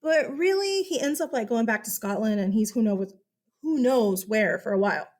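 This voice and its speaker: A woman's voice: a little high, animated, normal speed, darkish tone. A woman teaching a history lesson in a casual, chatty way, asking rhetorical questions and calling her listeners guys. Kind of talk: casual classroom lecture.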